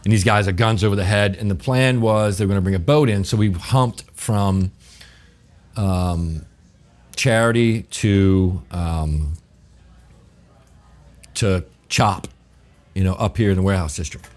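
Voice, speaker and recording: A middle-aged man tells a story as a guest in a relaxed interview. His voice sits very low. He talks in a vivid, profane way and acts out the dialogue as he goes. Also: unhurried, long pauses. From New Orleans, USA. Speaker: guest chef.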